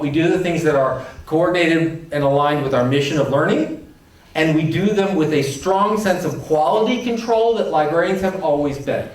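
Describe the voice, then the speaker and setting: A man delivers an animated conference talk with a playful, emphatic edge, slipping into quoted voices as he goes. His voice rides high. It reaches the listener from a distance, washed in heavy hall echo. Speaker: conference keynote speaker. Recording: echoey hall, distant mic.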